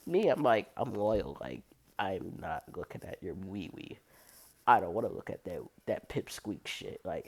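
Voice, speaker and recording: A young woman with an unusually low voice, telling a blunt, profane story about her cleaning job in a casual vlog. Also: expressive, unhurried, mellow. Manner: blunt, profane, heavy use of "like", laughs often. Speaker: restroom and locker room cleaner.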